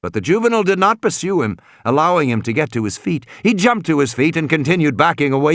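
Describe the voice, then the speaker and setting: A man reading a novel aloud as an audiobook narrator, dramatic and expressive. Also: a little high, fast, hardly any pauses, no room sound, studio quality. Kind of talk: scripted narration.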